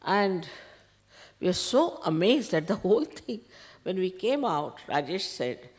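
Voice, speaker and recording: An older woman with an Indian accent tells a long story, taking on the lines of each person in it. Her voice sits low, yet she swings it widely up and down as she goes. She speaks as a spiritual teacher addressing her followers. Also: measured pace. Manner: animated retelling, quoting others in dialogue. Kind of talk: storytelling talk. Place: ashram hall.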